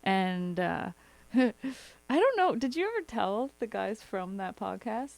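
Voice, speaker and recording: A woman's voice: mid-range voice, big pitch swings, takes it slowly, vocal fry, darkish tone, no echo. A young woman co-hosting a podcast in casual chat, swearing freely and telling stories with laughter. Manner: profane, storytelling with laughter. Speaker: podcast co-host.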